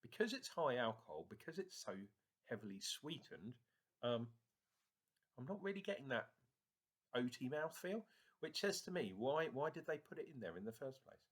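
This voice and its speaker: Northern English male vlogger, husky and animated, casual rambling beer reviewer who swears. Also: medium pitch, normal speed.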